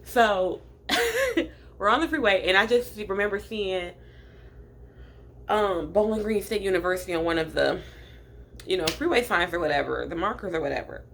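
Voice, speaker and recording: A woman's voice: medium pitch, animated, normal speed, vocal fry, long pauses, a bit bright, a little hiss or hum. Chatty young woman telling a story. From Michigan. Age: late 20s. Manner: chatty, filler-heavy storytelling, addresses viewers directly. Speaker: vlogger. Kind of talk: storytime vlog.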